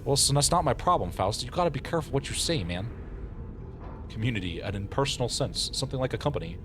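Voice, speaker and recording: A male streamer chatting through a game, joking and breaking into laughter. His pitch swings widely as he reacts. Faint music plays underneath. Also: animated, a bit bright. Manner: playful, quick to laugh, exclaiming. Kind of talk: live game commentary.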